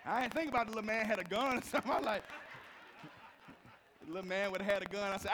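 A man preaching a sermon to a live congregation, telling stories with big swings from quiet to shouting. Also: fast talker, slight background noise. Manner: animated storytelling, swinging from low to shouted. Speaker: pastor.

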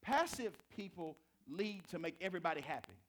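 A man preaching a sermon to a live congregation, telling stories with big swings from quiet to shouting. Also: brisk. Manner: animated storytelling, swinging from low to shouted. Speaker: pastor.

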